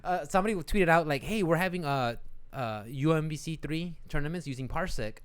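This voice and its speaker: A man's voice: on the high side, animated, a little fast, clean tone. A man co-hosting a casual podcast chat, rambling with lots of restarts and casual swearing. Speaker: podcast co-host.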